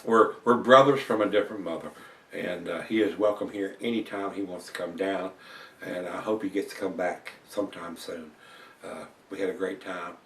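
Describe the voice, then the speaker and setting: A man's voice: deep voice, fairly even intonation, moderate pace, a bit bright. Man, casual beer review vlog, chatty and rambling, home kitchen, distant camera, echoey room. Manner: rambling, folksy and chatty, with frequent fillers. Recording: roomy echo, voice off-mic.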